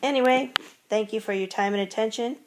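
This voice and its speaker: A woman's voice: a little high, fairly quick, noisy background. Woman teaching Spanish classroom commands. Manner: patient, repeats each command with its translation. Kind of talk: classroom language lesson.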